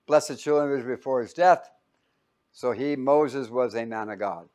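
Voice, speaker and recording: A man's voice: mid-range voice, moderate pace. A man teaching a Bible lesson as a sermon, joking and quizzing his listeners. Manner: jokey, asks the audience questions; lively, swings between loud and quiet.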